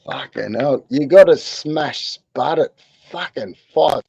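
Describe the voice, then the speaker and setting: A man's voice: medium pitch, slow pace, gravelly, a little mellow, husky, dry recording, muffled recording. An Australian man hosting a livestream in crude, rambling casual chat, swearing constantly. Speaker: livestream host.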